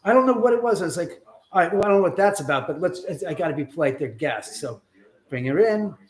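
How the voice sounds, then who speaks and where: Man, slightly high voice, live-stream host, casual storytelling, swears now and then, acts out quoted voices. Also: animated, quick pace. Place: his own house.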